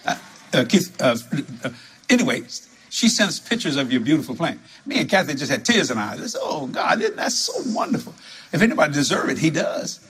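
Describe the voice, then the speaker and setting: A man from New preaching a sermon full of stories, animated and laughing as he talks, jumping to high exclamations. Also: fast talker, husky. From New Orleans.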